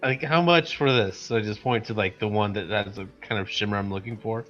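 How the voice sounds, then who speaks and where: A man's voice: on the low side, fairly quick, fairly bright tone. A man playing in a tabletop game, chatting in a wry, casual way about what his character does, in a muffled lo-fi recording with faint music. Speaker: player. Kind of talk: casual tabletop role-play chat.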